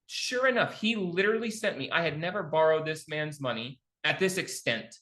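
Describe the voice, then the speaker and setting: A man's voice: fairly high pitch, expressive, brisk, few pauses, pushed and bright. A middle-aged man coaching a live online class on real estate investing, telling stories and acting out both sides of his phone calls. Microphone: video call.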